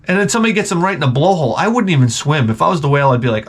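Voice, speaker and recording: A man's voice: fairly high pitch, expressive, very fast, few pauses. Profane, rambling comedic man. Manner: profane, swears constantly; rambling, jumps between jokes. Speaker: host of a retro gaming channel.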